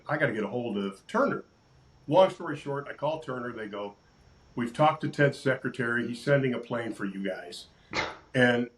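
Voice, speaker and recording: An older sportscaster telling lively stories in a casual interview, acting out quotes and laughing often. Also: male voice, mid-range voice, rough recording. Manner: animated storyteller, acts out quotes, laughs often. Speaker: sportscaster guest.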